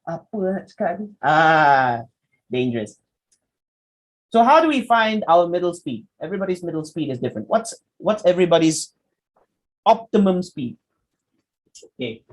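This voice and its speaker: A man's voice: fairly high pitch, breathy edge, poor audio. A young man with a Malaysian accent teaching a public speaking workshop in a chatty, demonstrative way with frequent asides. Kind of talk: lecturing a workshop.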